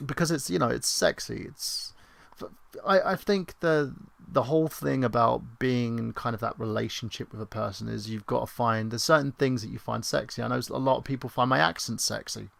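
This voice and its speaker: A man's voice: medium pitch, normal speed, creaky, a bit bright, dry recording. A British man in his thirties hosting a livestream, chatting in a rambling, sarcastic, self-mocking way with casual swearing. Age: 30s. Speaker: livestream host.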